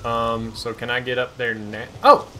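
A man hosting a gaming channel, giving excitable let's-play commentary, swearing and talking back to the game. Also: mid-range voice, normal speed. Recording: voice over loud game music.

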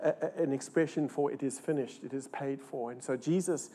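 Older male pastor for a church sermon; theatrical, dips from loud peaks to near-hushed asides, asks the congregation rhetorical questions. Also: a little fast, husky. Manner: dramatic, swings between loud rises and hushed low lines. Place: church service.

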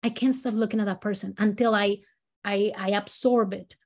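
A woman's voice: mid-range voice, steady tone, moderate pace, a little mellow. A woman leading a storytelling workshop who talks in a chatty way, often restarting her sentences and acting out examples. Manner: chatty, many fillers and restarts, acts out examples. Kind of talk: casual teaching talk.

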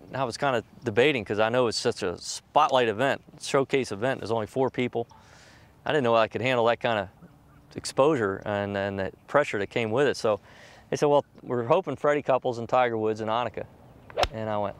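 A middle-aged man, a professional golfer, telling candid stories in an interview, acting out other people's lines with jumps in pitch. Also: fast. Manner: animated, acts out quoted voices with jumps in pitch.

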